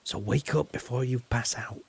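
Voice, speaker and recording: A mock-solemn male stage hypnotist, as a streamer puts him on, intoning his lines slowly and drawing each word out. The voice sits in a middling register and sounds close and dry, with no room around it. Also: medium pitch, creaky, breathy edge, dry recording. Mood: lulling.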